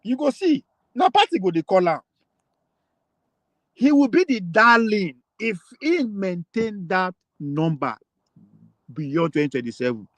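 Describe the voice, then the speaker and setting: A Nigerian man hosting a casual political chat in Pidgin and English, animated and argumentative, often laughing. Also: high-pitched, unhurried, no echo, rough recording. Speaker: political talk show host.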